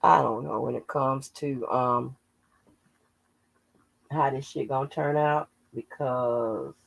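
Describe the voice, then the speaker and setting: Female channel host, gravel in the voice, loose, profane and laughing, dry close sound. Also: a bass voice, slow pace, dry recording, low-quality recording. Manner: salty, laughing, profane storytelling. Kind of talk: casual livestream chat.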